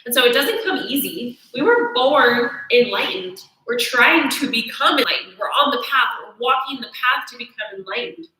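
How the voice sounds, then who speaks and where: A young woman teaches yoga ideas in a bright, clear voice, talking casually and telling stories with a lot of life. She keeps checking in with her listeners. The room around her echoes strongly. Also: on the high side, normal speed, few pauses. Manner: animated storytelling with self-quotes, frequent "right?".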